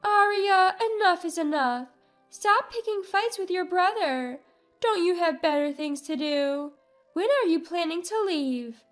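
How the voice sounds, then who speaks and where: A woman voicing a harsh, bossy older mother who scolds loudly in a shrill voice. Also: animated, a little slow, faint music behind. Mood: scolding.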